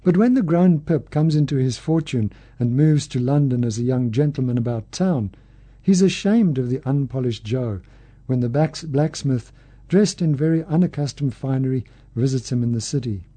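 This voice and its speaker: A man giving a literature lecture, reading passages aloud in a measured, unhurried way with small slips. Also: mid-range voice, dark tone, husky.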